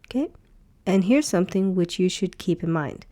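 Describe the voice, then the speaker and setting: A woman teaching a beginner language lesson, speaking patiently and repeating each sound slowly. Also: lowish voice, animated, mellow. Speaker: Hebrew teacher.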